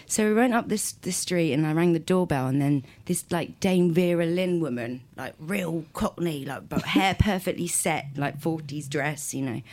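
A low-pitched woman talks about her past as an interview guest. She rambles from one story to the next, laughs often and keeps restarting her sentences. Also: normal speed, hardly any pauses, darkish tone. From South London, England. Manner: rambling storyteller, frequent laughs, self-corrections. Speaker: guest musician. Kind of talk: casual interview chat.

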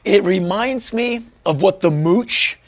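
A man's voice: high-pitched, takes it slowly. A man in his fifties from Washington, D.C., a guest in a casual interview, telling stories with animation and acting out other people's lines. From Washington, D.C., USA. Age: 50s.

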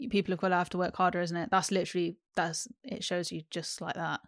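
A woman's voice: fairly low pitch, level tone, fast talker, dry recording, clean studio sound. A young woman co-hosting a casual podcast, chatty and agreeable. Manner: chatty, agreeing, upbeat in sign-off. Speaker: podcast co-host.

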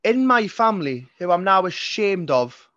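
This singer-songwriter guest, a Geordie from North East England in his twenties, rambles through casual interview chat, swearing and restarting often. His voice sits high with big pitch swings at a moderate pace, a bit bright. The lo-fi recording has no room sound.

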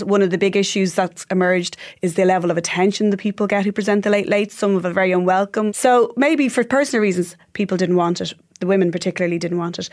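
An Irish woman, a journalist guest, explaining the business side in a measured, analytical way. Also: medium pitch. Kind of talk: analytical commentary.

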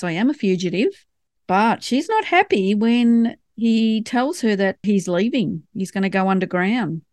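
A woman co-hosting a relaxed conversation about a favourite series. She retells scenes in an animated, chatty way and laughs often. Her voice sits at a middle pitch and sounds dry and close. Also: no echo. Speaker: podcast co-host. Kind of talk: casual chat about a TV series.

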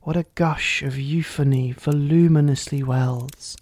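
A reader reciting rhyming verse in a measured way, often dropping to a hushed, breathy near-whisper. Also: medium pitch.

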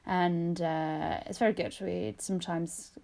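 A woman, co-hosting a casual podcast chat, telling stories quickly and laughing often. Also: lowish voice, steady tone, creaky, dark tone. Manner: chatty, laughing, quick storyteller. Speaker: podcast co-host.

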